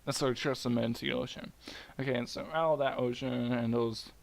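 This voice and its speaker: A young man retelling a myth casually at home, muttering quietly and rambling with jokes. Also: medium pitch, steady tone, fairly quick, creaky. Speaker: storyteller. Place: home at night.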